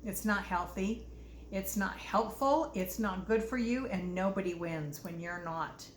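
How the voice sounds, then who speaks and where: A woman's voice: medium pitch, unhurried, a little hiss or hum. Earnest older woman in an echoey room. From Utah, US. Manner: earnest, reflective, shares personal stories. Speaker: host. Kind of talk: casual self-help talk. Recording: echoey room with faint ambience.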